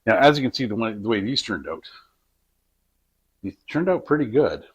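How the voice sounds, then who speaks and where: A man's voice: lowish voice, very animated, moderate pace, slightly rough. A man hosting a home cooking vlog, chatting in a rambling, jokey way while he works in his kitchen. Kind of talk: casual cooking vlog chat. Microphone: camera on a tripod.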